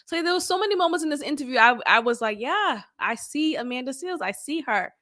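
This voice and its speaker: A woman podcast host gives casual commentary on an interview she is watching. Her voice sits high and bright and swings widely. She is animated and expressive and acts out the lines she quotes. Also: moderate pace, few pauses.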